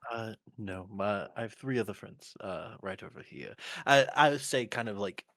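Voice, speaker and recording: A man playing a tabletop game, hesitant and quick to laugh. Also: on the low side, fairly bright tone, no echo. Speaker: player.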